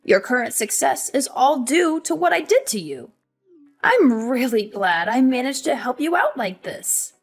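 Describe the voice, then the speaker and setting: A woman's voice: high-pitched, very animated, a little slow, breathy edge, full character voice. Woman voicing a cold, scornful mother. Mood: wheedling. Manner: cutting, dismissive. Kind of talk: animated story voice acting.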